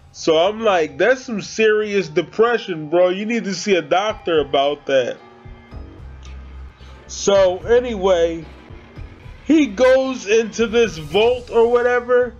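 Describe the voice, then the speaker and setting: Slangy man with a high voice. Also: muffled recording. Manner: slangy, chatty, addresses viewers as guys and bro. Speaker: movie reviewer. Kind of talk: casual spoken movie review.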